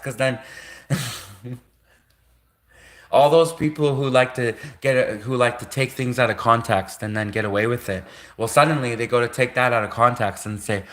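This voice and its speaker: A man's voice: mid-range voice, fairly even intonation, normal speed, a bit bright. A man from Canada talking on a solo livestream, rambling between topics and laughing at his own jokes. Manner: digressive, laughs at own jokes, mock-quotes imagined critics. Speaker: livestream host.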